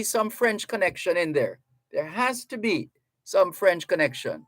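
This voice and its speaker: A man from Jamaica hosts a radio talk show, chatting at an unhurried pace. His voice sits a little high for a man. The studio sound is dry and close. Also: big pitch swings, no echo. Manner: slow, chatty, reads listener messages aloud. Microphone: studio microphone.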